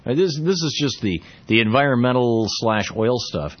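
A man hosting a political talk radio show, speaking in a halting, sarcastic monologue full of restarts. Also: medium pitch, expressive, highs cut off.

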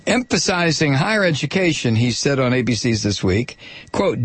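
A man's voice: medium pitch, animated, normal speed, breathy edge, no echo. A man hosting a political talk radio show from a studio microphone, delivering a sardonic, mocking monologue. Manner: sardonic and mocking, laughs at his targets.

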